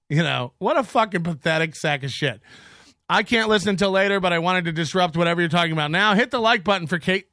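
A middle-aged man hosting his show in a profane, mocking rant that rambles from point to point. His voice rides high and swoops around with a bright edge. It is recorded dry on a close mic. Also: no room sound. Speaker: podcast host. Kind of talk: casual rant reading chats.

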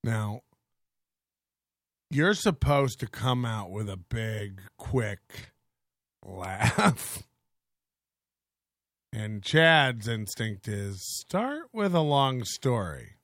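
A male podcast host rambles along at an unhurried, drawn-out pace. He is self-deprecating and casual as he comments on clips, and his voice sits dry and close in a small home setup. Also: fairly low pitch, big pitch swings, fairly bright tone, no room sound.

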